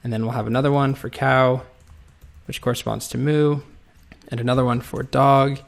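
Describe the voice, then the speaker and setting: A man's voice: mid-range voice, normal speed, gravelly. A man teaching a coding lesson, explaining step by step as he types. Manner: relaxed, explains step by step while typing. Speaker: coding instructor. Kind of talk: screen-recorded coding tutorial.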